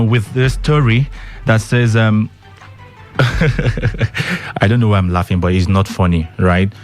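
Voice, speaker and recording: Chatty radio host, low voice. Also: male voice. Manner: chatty, talks straight to listeners with rhetorical questions and many ums. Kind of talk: casual radio chat and news rundown. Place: radio studio.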